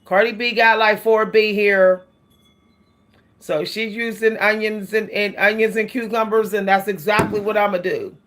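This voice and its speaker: A woman's voice: medium pitch, steady tone, moderate pace, fairly bright tone. A woman vlogging about hair care in a casual, chatty way, laughing often and calling her viewers "y'all.". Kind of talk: casual chat to camera.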